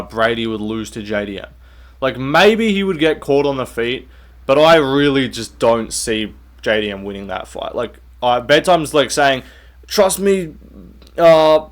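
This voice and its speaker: A man's voice: medium pitch, a bit bright. A young man rattles off opinions in an offhand, blunt rant. He swears freely and pads his sentences with "like" and "bro", speaking in an ordinary mid-range male voice. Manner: blunt, swears often, says "bro", many fillers. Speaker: MMA commentator and channel host. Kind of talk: casual commentary rant.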